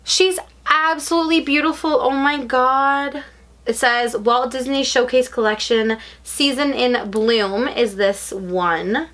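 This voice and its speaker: A woman talking casually in an unboxing vlog from her bedroom, gushing, excitable and rambling. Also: fairly high pitch, takes it slowly. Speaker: unboxing vlogger.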